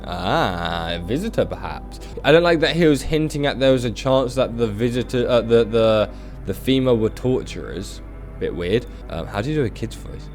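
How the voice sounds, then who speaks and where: A man doing casual, joking let's-play commentary with animated reactions. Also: mid-range voice, a little fast, faint music behind. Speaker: gaming YouTuber.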